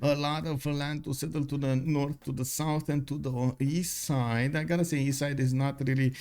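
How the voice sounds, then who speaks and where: A man's voice: on the high side, little pitch movement, normal speed, a little mellow. Chatty male esports commentator. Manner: chatty, many fillers, greets chat viewers. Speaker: game commentator. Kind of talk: live esports strategy commentary.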